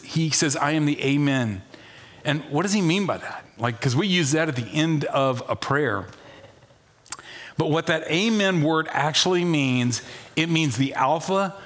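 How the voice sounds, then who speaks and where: A man preaching a sermon as pastor, animated, dropping to a hush and rising loud, asking the congregation questions. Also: on the high side. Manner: animated, swings from hushed to loud.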